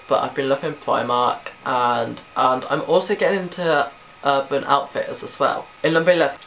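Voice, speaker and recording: A teenage man talks through a list of questions for his vlog. He rambles, giggles and swears casually. His pitch sits in an ordinary middle range, and a faint hiss runs underneath. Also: vocal fry, a bit bright. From Britain. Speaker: vlogger. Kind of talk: casual chat answering a tag questionnaire.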